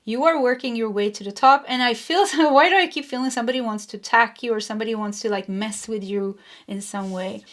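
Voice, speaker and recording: Middle-aged woman, tarot reader; chatty, repetitive delivery with frequent laughs, voice sits a bit high. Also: fairly quick, hardly any pauses. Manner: chatty, laughs often, repeats phrases. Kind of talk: pick-a-card tarot reading.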